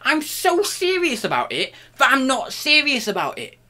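A man hosting a comic vlog in a playful, mock-grandiose way. His bright voice leaps between loud bursts and near-whispers, and the pitch swings freely. At times he talks through mouthfuls of food. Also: huge pitch swings, moderate pace. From United Kingdom. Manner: talks while chewing an apple. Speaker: online reseller and channel host.

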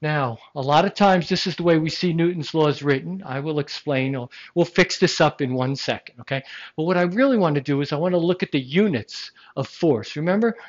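A science lecturer teaches a classroom full of students in an animated, emphatic way. The lecturer poses rhetorical questions and slips in jokes. The recording is dull and lo-fi, as if taped in the lecture room. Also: medium pitch, a little fast.

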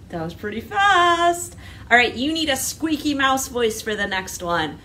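Brief: young female librarian, cheerful sing-song storytime voice, slow and high, distant mic. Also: very animated. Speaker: children's librarian. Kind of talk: children's storytime with a hello song. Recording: distant mic with background noise.

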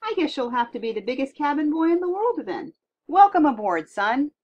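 A woman voicing a gruff, loud old ship captain who exclaims his words. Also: high-pitched, big pitch swings, brisk, pitched above the performer's own voice. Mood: hearty. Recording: dull lo-fi recording.

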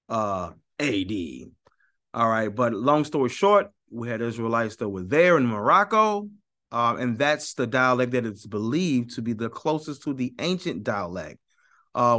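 A man lecturing his viewers with a lively, swinging pitch that goes from high and pushed to low and muttered. His tone is bright and forceful, and he argues his point, repeating lines to hammer them home. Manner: emphatic, argumentative, repeats for stress. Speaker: YouTube teacher. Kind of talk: animated teaching monologue.

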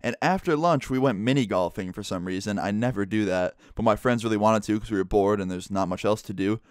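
Young male vlogger, casual storyteller, smooth clear voice, dry close sound, lowish pitch. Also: fairly quick, dry recording. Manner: relaxed, chatty, lots of "like".

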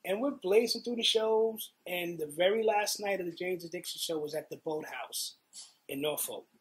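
A middle-aged man with a New York accent telling profane, animated stories in a casual interview. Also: high-pitched, moderate pace. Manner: profane, animated, acts out quotes. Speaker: interviewee, guitarist. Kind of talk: casual storytelling.

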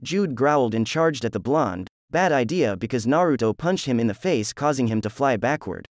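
A man narrating a fan story in a plain, even scripted reading. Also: mid-range voice, moderate pace, dry recording, studio quality.

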